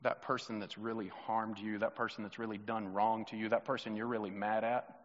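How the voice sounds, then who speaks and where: A man preaching a sermon as pastor in a church, swinging from loud, emphatic questions to soft, hushed reflection and acting out the voices of the people he quotes. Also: fairly low pitch, flat delivery, brisk. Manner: acts out quoted voices of Jesus, children and himself. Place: church sanctuary. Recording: muffled sound with long hall reverb.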